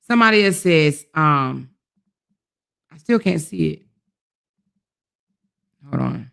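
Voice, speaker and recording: Her voice is deep, gravelly, and smooth, with a fairly bright tone, expressive delivery, and a slow pace. On a casual livestream she addresses her viewers, reads their chat aloud, and emphatically repeats her indignant points.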